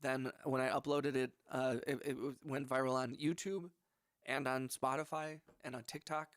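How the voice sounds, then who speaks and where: A man's voice: mid-range voice, level tone, moderate pace, fairly bright tone, no room sound. A young man, a music producer, chatting casually on his livestream in a laid-back, rambling, slangy way. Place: home music studio. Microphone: studio microphone.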